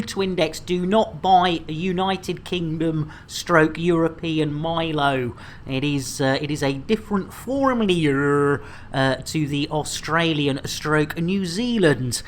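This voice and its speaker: A woman's voice: fairly low pitch, slight background noise. A woman in her thirties streaming a game, chatting in a rambling, jokey way and stumbling over words with many fillers. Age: 30s. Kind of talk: casual livestream chat.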